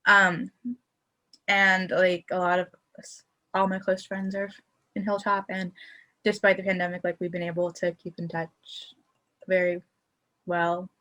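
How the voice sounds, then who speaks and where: A woman's voice: lowish voice, completely flat delivery, unhurried, long pauses, pushed and bright. A young woman chatting as a podcast guest, cheerful and giggly with a sarcastic streak. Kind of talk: casual podcast chat.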